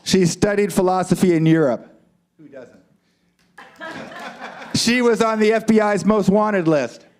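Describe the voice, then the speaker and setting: A man running a comic quiz and puppet show as a guest speaker, with playful quick asides to the audience. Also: high-pitched, darkish tone, slight background noise.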